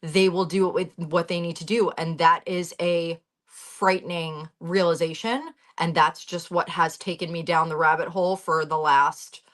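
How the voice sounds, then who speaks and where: A woman's voice: lowish voice, steady tone, moderate pace, fairly bright tone. A woman in her thirties, a guest on a talk show, telling a personal account bluntly, with swearing and heated urgency over a video call.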